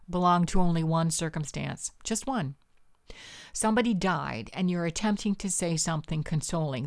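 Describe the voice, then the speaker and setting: A woman's voice: fairly low pitch, dry recording, studio quality. A Canadian woman in her fifties hosting a podcast, talking in a punchy, provocative, conversational way. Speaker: podcast host. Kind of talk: solo podcast monologue.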